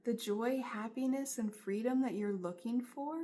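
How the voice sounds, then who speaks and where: A woman's voice: a little high, normal speed, warm tone. A woman giving a spiritual tarot reading, speaking in an earnest, encouraging and emphatic way. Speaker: tarot reader.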